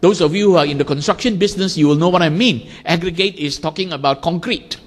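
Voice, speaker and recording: A man's voice: a little high, quick pace, in a large hall. A man teaching a Buddhist class, explaining ideas through everyday examples with little acted-out quotes. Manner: acts out little everyday scenes in lively quoted voices.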